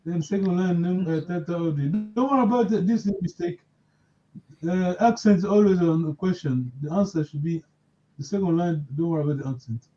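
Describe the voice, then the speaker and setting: A man's voice: sits high, animated, fairly quick, warm tone, soft background music. A man teaching a live language lesson, patiently correcting his students' pronunciation with repeated prompts. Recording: dull lo-fi audio.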